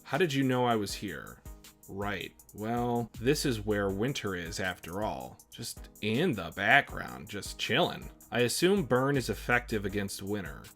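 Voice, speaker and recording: A man's voice: on the low side, very animated, measured pace, fairly bright tone, faint music behind. A man hosting a manga reaction, reading the character dialogue aloud and breaking off into chatty remarks.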